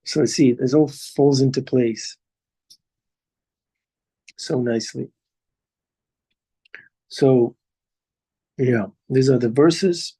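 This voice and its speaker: A man leading a devotional scripture class over a video call, talking in a halting way with many pauses. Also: mid-range voice, mellow, slightly rough. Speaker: class leader.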